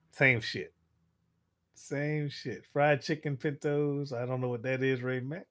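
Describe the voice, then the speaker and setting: A middle-aged man chatting on a livestream in a voice that sits a little high. He reads out viewer comments and answers them with crude, joking banter. He breaks into laughter often. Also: a bit bright. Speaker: livestream host reading chat. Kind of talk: casual livestream chat.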